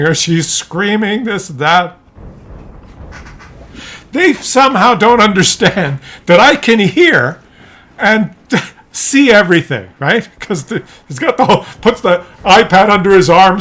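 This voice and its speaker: A middle-aged man telling a family story in a casual vlog, animated and laughing often as he acts out voices. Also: sits high. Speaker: content creator.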